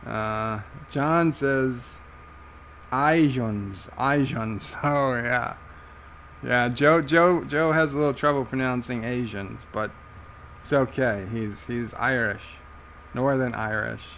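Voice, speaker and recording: An American man hosts a relaxed live stream and reads viewers' messages aloud at an unhurried pace. His voice sits at an ordinary male pitch, and his delivery is amused and halting. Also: gravelly, a little hiss or hum. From United States. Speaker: livestream host reading chat. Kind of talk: casual live-stream chat.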